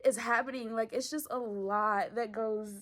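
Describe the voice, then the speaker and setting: A young woman vlogging from her bedroom, gushing and tearful, talking in quick bursts with lots of fillers. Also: fairly high pitch, fairly even intonation, fairly bright tone. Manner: tearful, gushing, talks in bursts with many likes. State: crying on and off. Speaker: vlogger and talk show creator. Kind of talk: emotional personal vlog. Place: at home, bedroom.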